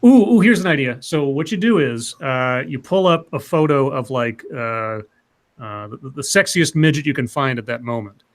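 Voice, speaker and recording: A man of middle pitch hosts a laid-back live stream and talks in loose, rambling stretches. He hesitates often and pads his sentences with fillers as he chats with his co-hosts. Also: expressive, normal speed. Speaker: podcast host. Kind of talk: casual live stream chat.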